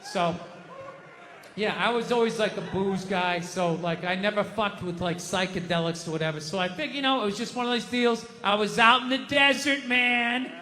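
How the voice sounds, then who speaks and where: A man in his fifties tells a loose, profane story on a comedy stage, rambling through filler words. His voice sits high and sharp. A long reverb from a big venue trails behind him. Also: normal speed, slight background noise. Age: 50s. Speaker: stand-up comedian. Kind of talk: stand-up storytelling.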